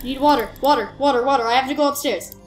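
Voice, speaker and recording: A woman playing a game and reading it aloud, excitable and flustered, often stammering and laughing. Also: sits high, fast, echoey room, faint music behind. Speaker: gamer.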